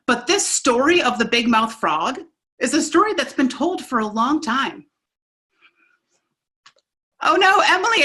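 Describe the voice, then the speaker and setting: A woman leading a children's online camp class, speaking in an animated, encouraging way and narrating imagined trips for the kids. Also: on the high side, low-quality recording. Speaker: camp instructor.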